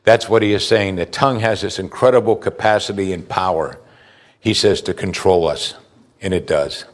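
A middle-aged pastor with a low-sitting voice speaks at normal speed. In his sermon he reads scripture aloud and poses pointed questions to his listeners.

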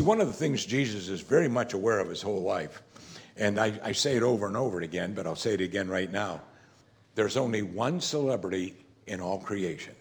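A man preaching a sermon as pastor, talking in a conversational, emphatic way and often saying "you see". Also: lowish voice.

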